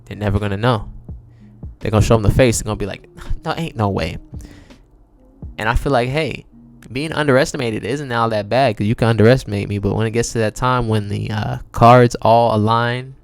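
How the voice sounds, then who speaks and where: A man's voice: fairly low pitch, steady tone, fairly quick, vocal fry, faint music behind. A man hosting his own podcast, talking in a laid-back, chatty way with slang and frequent laughs. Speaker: podcast host and singer. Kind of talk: casual solo podcast monologue.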